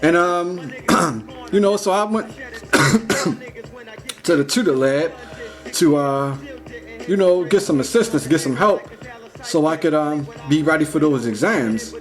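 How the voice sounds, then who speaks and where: A young man talking in a casual, rambling vlog monologue, full of "like" and "you know", slangy and animated. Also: fairly high pitch, slow pace, long pauses, faint music behind. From United States. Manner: rambling, heavy use of "like" and "you know", restarts; slangy, animated when retelling. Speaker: vlogger.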